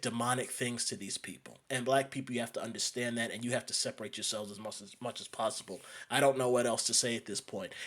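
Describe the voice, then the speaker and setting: A man's voice: mid-range voice, fairly bright tone. A man from New York delivering an emphatic ranting monologue, repeating and restarting phrases. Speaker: commentator.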